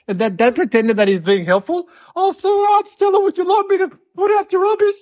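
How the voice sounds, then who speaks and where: A woman's voice: very high-pitched, brisk, darkish tone. A woman performing a cheeky little boy in a comedy sketch, telling a rambling story with giggles and mocking impressions of his relatives.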